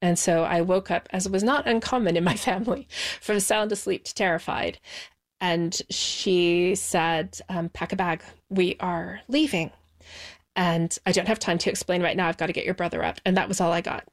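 A woman from the United States, an interview guest recounting her childhood in a measured, reflective way that slows on key words. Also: lowish voice, fairly even intonation. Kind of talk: personal recollection in an interview.

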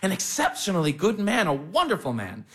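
An actor playing a chatty, fussy schoolteacher husband in a stage drama. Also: male voice, sits high, wildly swooping pitch, brisk. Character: cheerful male schoolteacher, fussy and doting.

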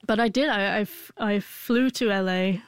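A woman's voice: mid-range voice, moderate pace, clear, resonant tone, no echo. Woman in her forties who stutters. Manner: stutters, with frequent broken-off sounds and restarts. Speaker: interview guest. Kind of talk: emotional personal storytelling.

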